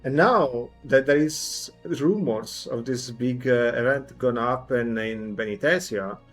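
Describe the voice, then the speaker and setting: A man doing a wary, low-voiced leader. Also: unhurried, soft background music, lightly acted. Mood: uneasy.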